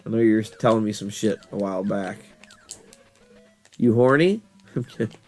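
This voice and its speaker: A man's voice: lowish voice, normal speed, a little mellow, faint music behind. A man giving casual gameplay commentary, telling rambling stories with frequent laughter and swearing. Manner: rambling, laughing, profane storytelling. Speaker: gaming channel host.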